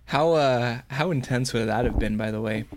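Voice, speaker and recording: A man co-hosting a fan podcast, recapping an episode in a rambling, joking way. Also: mid-range voice. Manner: rambling, crude jokes, halting restarts. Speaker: podcast co-host. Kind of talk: casual chat, episode recap.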